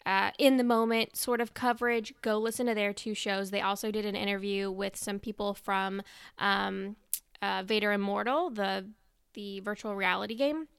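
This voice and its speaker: Bright, bubbly young woman host. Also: medium pitch, gravelly, clean tone, no room sound, clean studio sound. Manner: bubbly, excitable and quick. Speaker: podcast host. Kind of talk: casual chat.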